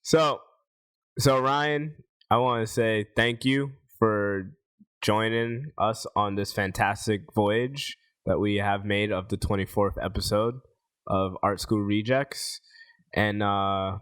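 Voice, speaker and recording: Rambling, low-voiced male podcast host. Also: fairly bright tone. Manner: loose, rambling, jokey, with many fillers. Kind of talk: casual podcast chat.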